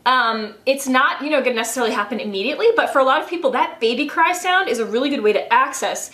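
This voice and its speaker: A woman's voice: high voice, lively intonation, fast, a bit bright. A woman vocal coach giving a singing lesson in an upbeat, chatty way, breaking into sung sounds as she explains. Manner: upbeat, chatty, demonstrates sounds mid-sentence. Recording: roomy echo.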